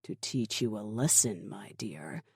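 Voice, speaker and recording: Casting: narrator doing a cold, dismissive commander, slow and dark, menace kept quiet. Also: medium pitch, dry recording, studio quality. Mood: menacing. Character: ruthless calm male military commander.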